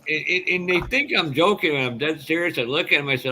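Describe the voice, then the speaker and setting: A man hosts a casual hobby livestream. He swears freely and tells blunt stories, laughing as he goes. His voice is bright, with a faint hum underneath. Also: a little high, fast talker, few pauses, poor audio. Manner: laughs often, storytelling, blunt.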